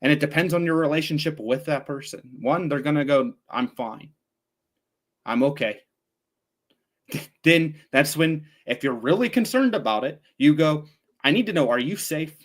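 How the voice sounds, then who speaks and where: A man's voice: on the high side, expressive, moderate pace. A man speaking as an interview guest, giving direct, plain-spoken advice. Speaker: guest, veteran nonprofit founder. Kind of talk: conversational interview.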